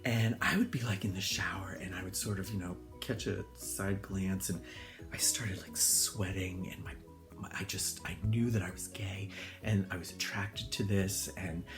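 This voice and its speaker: Chatty low-voiced man telling stories. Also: fairly even intonation, moderate pace, over music. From Connecticut, US. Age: older. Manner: chatty, rambling, full of fillers, acts out voices in high squeals. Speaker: hairdresser. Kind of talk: casual storytelling monologue.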